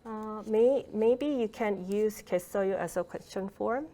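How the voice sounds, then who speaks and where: A woman's voice: mid-range voice, normal speed, dark tone. Patient woman lecturing over a video call. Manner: patient explaining, with fillers and occasional laughs. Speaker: Korean language lecturer. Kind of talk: online workshop lecture.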